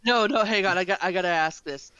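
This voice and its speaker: Bright, high-voiced man on a lo-fi mic. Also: quick pace, clear, resonant tone, dry recording. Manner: teasing, wry interjections. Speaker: podcast co-host. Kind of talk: casual chat. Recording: dull, dry lo-fi mic.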